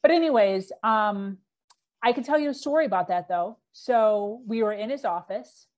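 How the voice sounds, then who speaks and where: A woman's voice: medium pitch, moderate pace, darkish tone. A middle-aged woman, a podcast guest, candidly telling her own story with frequent fillers and acted-out quotes.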